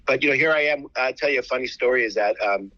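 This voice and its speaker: A charity founder with an American accent, telling animated stories with many restarts in a radio interview. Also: male voice, mid-range voice, fast talker, no echo, dull audio.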